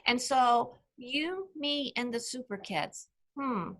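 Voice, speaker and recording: Woman teacher, patient online reading lesson, slow and bright, slightly high voice. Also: expressive. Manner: patient, clear, asks children questions by name.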